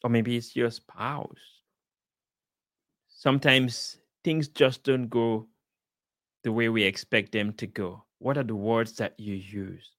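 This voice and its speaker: A father speaking earnestly about the power of words, encouraging listeners with measured emphasis and repeated points. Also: medium pitch, steady tone, a bit bright, dry recording, clean studio sound. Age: adult, father of a young child. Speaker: speaker sharing life advice. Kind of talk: slow inspirational talk.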